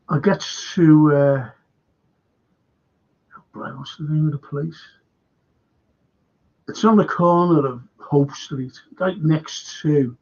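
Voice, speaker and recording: A man with a Scouse accent and a slightly high, husky, darkish voice hosts a current affairs livestream. He rambles through an earnest anecdote packed with asides and restarts, heard over dull lo-fi audio.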